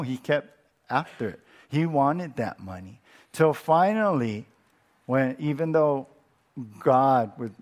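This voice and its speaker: A male pastor teaching a passage in a chatty, informal way, often restarting his sentences. His voice sits at an ordinary middle pitch and rises and falls with his points. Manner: conversational, animated, many fillers and restarts. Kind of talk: expository Bible teaching sermon.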